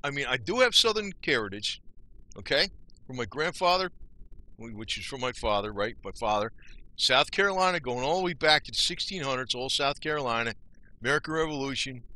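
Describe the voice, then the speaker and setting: Older jersey-born guy ranting to camera, real sharp tense voice, pitch jumping all over. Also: animated, fairly quick. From Northeast New Jersey. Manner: rambling, folksy, swears mildly, asks "you know?" often. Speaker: vlogger. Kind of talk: casual rambling rant to camera.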